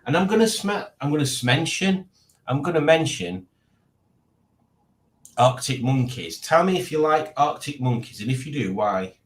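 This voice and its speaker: A man's voice: medium pitch, lively intonation, moderate pace. A man hosting a live stream, chatting casually, rambling and joking as he reads out viewer comments. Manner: rambling, jokey, reads chat aloud.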